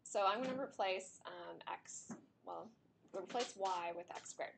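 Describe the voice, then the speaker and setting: A woman teaching a math class walks her students through the steps at the board, chatting with them while her failing voice keeps cracking. She speaks unhurriedly at a medium pitch with vocal fry, over background noise.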